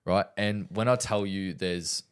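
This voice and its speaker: A man's voice: sits low, steady tone, a little slow, smooth. A young Australian man, a podcast host, telling stories in casual chat. He laughs through his lines and swears freely.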